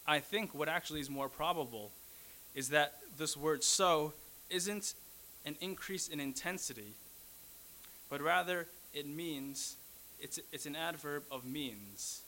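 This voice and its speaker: A man's voice: a little high, a little slow, bright, forceful tone, a little hiss or hum, poor audio. A man preaching a sermon, teaching earnestly, repeating key phrases and correcting himself mid-sentence.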